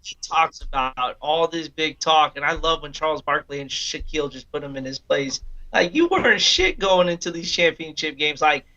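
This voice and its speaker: Brief: male co-host, slightly high, sharp bright voice, blunt opinions. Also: lively intonation, moderate pace, highs cut off. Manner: blunt, profane, dismissive. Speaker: podcast co-host. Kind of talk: casual sports talk.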